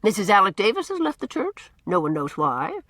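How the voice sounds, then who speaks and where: A woman's voice: mid-range voice, wildly swooping pitch, a little fast, a bit bright, no room sound. A woman doing a blunt, gossipy village matron. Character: brisk outspoken older village woman.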